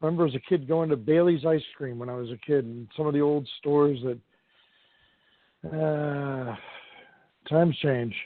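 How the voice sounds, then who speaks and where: A man's voice: on the high side, normal speed, long pauses, no room sound. A man calling into a radio show, rambling nostalgically about old times. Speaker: caller. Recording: dry, phone-line sound.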